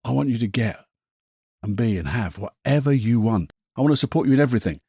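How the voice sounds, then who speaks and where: A man's voice: mid-range voice, expressive, fast talker, darkish tone, husky, no echo, clean studio sound. A man hosting a podcast as a hypnotherapist, talking in a passionate, casual motivational monologue, swearing now and then and repeating himself.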